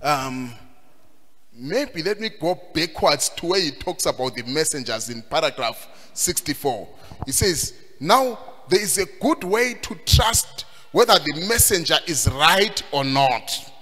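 A man preaching a sermon, emphatic and sing-song, rising at times to shouts. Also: a little high, big pitch swings, a little slow. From Zimbabwe. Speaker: pastor. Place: church hall. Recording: long hall reverb.

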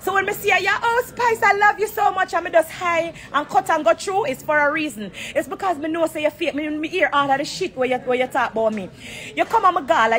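Fiery high-voiced Jamaican woman ranting. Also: a bit bright. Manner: heated, blunt and profane, Jamaican patois. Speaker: celebrity going live. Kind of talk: phone livestream rant. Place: airport corner.

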